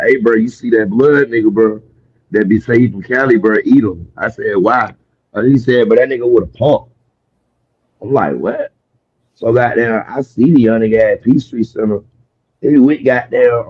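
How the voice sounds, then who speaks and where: A man's voice: on the low side, no echo, muffled recording. A man telling a long, profane story in a rambling way during a street interview, with many restarts and fillers. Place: outdoors on a city street.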